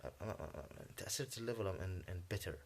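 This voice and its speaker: A native Arabic-speaking man delivering a rambling, agitated monologue in English, halting often and clearing his throat. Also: deep voice, animated, background noise. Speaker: vlogger.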